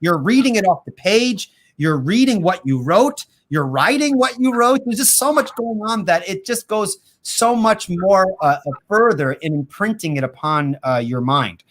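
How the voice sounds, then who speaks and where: Animated man answering viewer questions. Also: sits high. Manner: animated, quick, laughs easily, many fillers. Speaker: host and apologetics teacher. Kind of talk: casual livestream interview.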